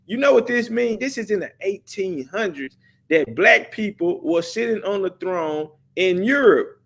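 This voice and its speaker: A man's voice: high-pitched, expressive, unhurried, gravelly, a bit bright. A male show host in a heated debate, arguing hard, talking over his guest in slangy speech. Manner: argumentative, talks over the other man, slangy.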